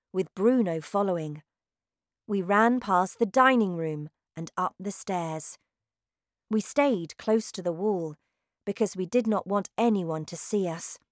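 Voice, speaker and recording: Woman reading a storybook slowly, dry close sound. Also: mid-range voice, dry recording. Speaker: storybook narrator. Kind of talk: scripted narration.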